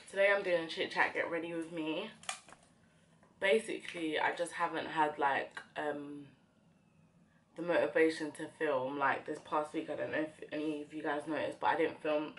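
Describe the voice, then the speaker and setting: Recorded at home, a young adult woman chats to camera while doing her makeup as a beauty vlogger. Her low voice is soft and tearful, hesitant and packed with fillers. There's slight background noise.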